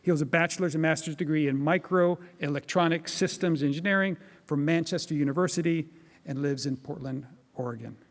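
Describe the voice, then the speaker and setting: A man hosting a conference who reads out a measured introduction of the keynote speaker. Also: fairly high pitch. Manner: measured, reading from notes. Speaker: event host introducing the keynote. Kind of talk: read introduction. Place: large conference hall. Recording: hall reverb.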